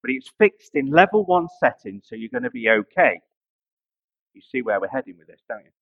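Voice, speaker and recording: A man's voice: mid-range voice, big pitch swings, normal speed, gravelly, no echo, lo-fi sound. A man preaching a sermon, telling a personal story and building to emphatic rises.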